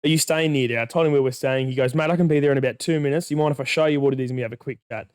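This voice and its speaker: A man's voice: mid-range voice, racing, darkish tone, smooth, no room sound, clean studio sound. A young man, a podcast co-host, telling a long story in casual chat, acting out the dialogue and swearing freely.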